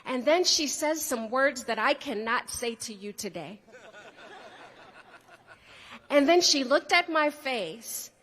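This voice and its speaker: Lady telling a funny story onstage, slow and teasing, long echo from a big hall. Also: fairly high pitch, a bit bright. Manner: playful, speaks to the crowd directly. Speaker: speaker at a student forum. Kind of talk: storytelling speech to an audience. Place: large hall.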